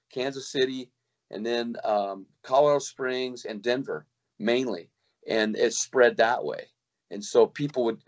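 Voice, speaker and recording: This kayak fishing guide, a middle-aged man, has a mid-range voice. His long, casual story is full of restarts and quotes he acts out.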